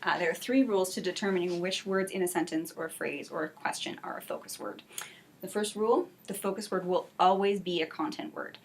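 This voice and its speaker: A woman teaching an English class for adult learners, speaking clearly and encouragingly, and modeling example sentences slowly. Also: lowish voice, slight background noise. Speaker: ESL teacher.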